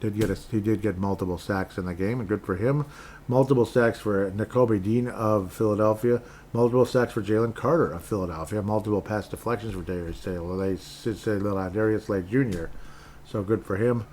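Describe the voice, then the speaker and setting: A man's voice: on the low side, moderate pace, darkish tone, slight background noise. A man from Minnesota hosting a sports podcast, rambling casually with sarcastic asides and frequent restarts.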